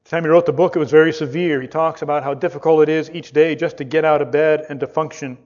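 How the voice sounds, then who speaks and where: A man preaching a sermon, reading scripture aloud with rising fervor and slowing down to stress key words. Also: on the high side, fairly even intonation, a little mellow. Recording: dull lo-fi sound.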